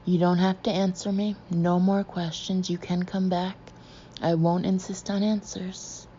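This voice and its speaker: A stern, insistent male hypnotist, as a woman narrator voices him, coaxing and then commanding in a low, mellow tone. The audiobook recording is dull and lo-fi, with a faint hiss. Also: little pitch movement, a little slow, close to an everyday voice. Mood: pleading. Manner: soothing then stern and demanding.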